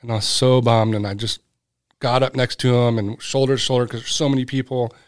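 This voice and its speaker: A man's voice: mid-range voice, a little fast, no room sound, studio quality. A middle-aged man, guest on a podcast, telling a story casually and acting out the voices of the people in it. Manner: animated, acts out quoted voices. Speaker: guest, brand cofounder.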